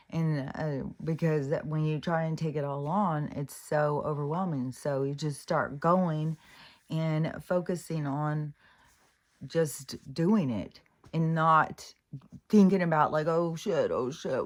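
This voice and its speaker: Low-voiced woman rambling and swearing. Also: steady tone. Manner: rambling, halting, swears freely. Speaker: vlogger. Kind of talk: casual spoken reflection.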